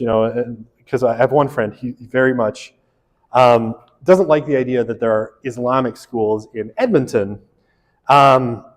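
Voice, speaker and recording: A man's voice: medium pitch, a little mellow, long reverb tail. Joking man lecturing. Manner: casual and joking, frequent fillers and tag questions. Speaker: sociology instructor. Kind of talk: recorded university lecture.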